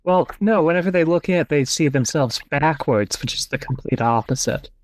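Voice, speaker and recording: A man's voice: a little high, lively intonation, normal speed, no room sound. A man hosting a podcast over an online call. He reads passages aloud and reasons through them in a casual, thinking-aloud way. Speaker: podcast host. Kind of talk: casual discussion and reading aloud.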